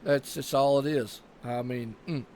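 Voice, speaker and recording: A man's voice: mid-range voice, steady tone, a little slow, a little mellow, a little hiss or hum. Southern-accented male race commentator. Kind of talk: live sim-racing commentary.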